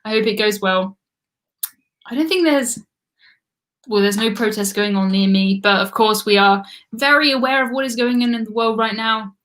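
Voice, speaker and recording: A woman's voice: a little high, moderate pace, a bit bright. An English woman hosting a live trivia stream, chatting casually and laughing often as she reads viewer comments.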